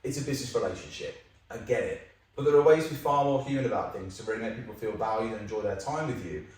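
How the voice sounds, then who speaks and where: A man, a company founder guesting on a podcast, telling lively anecdotes in casual chat with some swearing. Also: lowish voice, quick pace. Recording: very echoey room, mic at a distance.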